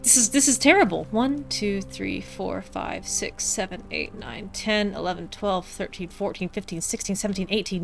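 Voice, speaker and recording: A woman's voice: medium pitch, fairly quick, gravelly, hardly any pauses, fairly bright tone, soft background music. A woman streaming a video game, reading its text aloud with wry, chatty asides.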